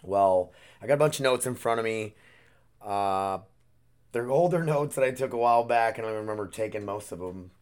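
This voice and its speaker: A man's voice: lowish voice, moderate pace, darkish tone. Man, podcast host, casual solo chat, rambling, candid, swears a lot, clean resonant voice.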